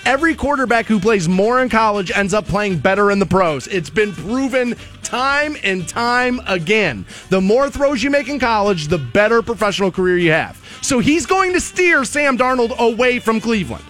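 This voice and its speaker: A man's voice: sits high, very animated, moderate pace, hardly any pauses, a bit bright, soft background music. A man hosting a sports talk show, making opinionated arguments and repeating his points for emphasis. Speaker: radio sports show host.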